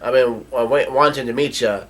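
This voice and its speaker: A man voicing a huge, boisterous male monster cat warrior in a loud, hearty way. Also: mid-range voice, moderate pace, close to an everyday voice.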